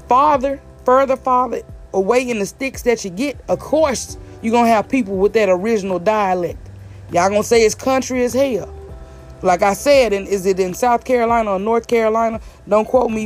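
A medium-pitched vlogger from the American South, speaking in a Southern accent, rants bluntly and emphatically straight to camera. They keep repeating their points to hammer them home.

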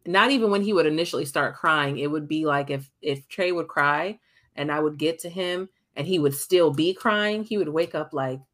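A woman's voice: low-pitched, moderate pace, fairly bright tone. A young adult woman co-hosting a podcast, talking candidly in casual chat, swearing freely and acting out what people said. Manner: candid, swears, acts out quotes. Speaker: podcast co-host.

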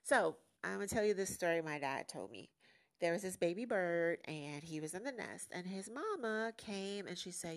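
A woman's voice: mid-range voice, expressive, moderate pace. A woman hosting her own podcast in a casual, candid solo monologue that turns motivational. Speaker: podcast host.

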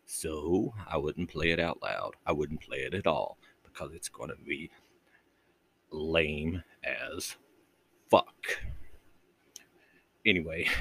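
A man hosting a casual late-night solo podcast from his bedroom, talking low and quietly, rambling and crude and mocking himself. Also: creaky, husky, no room sound. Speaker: podcast host. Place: bedroom at home with the door shut.

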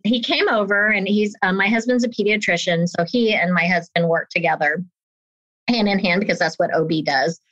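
An interview guest in her fifties tells a personal story animatedly, acting out the voices of the people in it. Her voice is medium in pitch at a moderate pace, and the recording is dull, lo-fi and dry with no room sound.

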